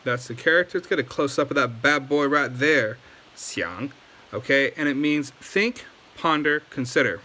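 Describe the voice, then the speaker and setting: A man's voice: a little high, moderate pace, bright, forceful tone. A man giving a casual video lesson, loose and chatty with many ums and likes. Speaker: language teacher.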